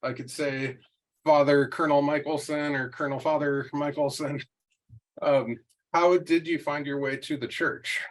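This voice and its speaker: A man's voice: fairly high pitch, steady tone, moderate pace, low-quality recording. A man in his forties hosting a podcast, telling a lighthearted family story in a chatty, joking way. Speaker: podcast host. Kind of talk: casual interview chat and anecdote.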